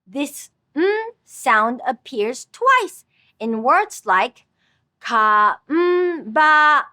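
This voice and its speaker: Slow, bright-voiced woman teaching a language lesson. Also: high voice, sing-song, no echo, studio quality. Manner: slow, careful, clearly enunciated instruction. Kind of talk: scripted language lesson with repeat-after-me drills.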